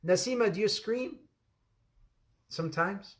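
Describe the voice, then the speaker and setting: A man's voice: high voice, a little slow. A man giving an interactive religious lesson, repeating phrases for emphasis, calling on students by name and joking with playful asides. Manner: laughs often, playful asides. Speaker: Islamic teacher.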